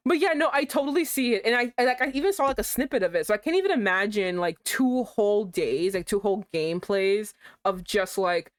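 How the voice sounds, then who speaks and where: A young adult woman streamer giving casual commentary on a game she is playing, reacting with animated outbursts. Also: no room sound, clean studio sound. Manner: animated, swings into high exclaims.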